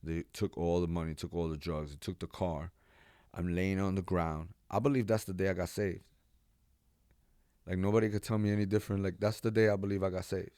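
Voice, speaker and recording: A man from Texas, a pastor and podcast guest, telling his life story in a lively, animated way, acting out what people said and laughing now and then. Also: sits low, a little fast, clean tone, no room sound, clean studio sound. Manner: animated storyteller, acts out quotes, laughs often. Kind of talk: storytelling interview.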